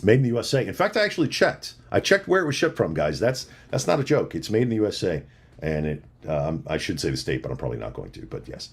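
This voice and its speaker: A man hosting a livestream, rapidly reading out supporter names and thanking them in a casual, jokey way. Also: deep voice, big pitch swings, gravelly, breathy edge. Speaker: livestream host.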